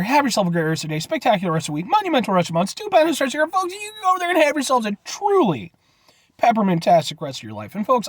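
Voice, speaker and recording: Animated, chatty man reviewing food. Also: high voice, dry recording. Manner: rambling, jokey, folksy sign-off addressing "folks". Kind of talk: casual vlog review.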